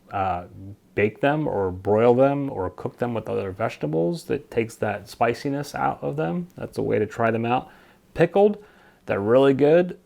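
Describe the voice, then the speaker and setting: A gardening vlogger talks casually to camera from the basement of his home, rambling about his seeds and tripping over plant names he can't pronounce. His voice is medium in pitch and gravelly.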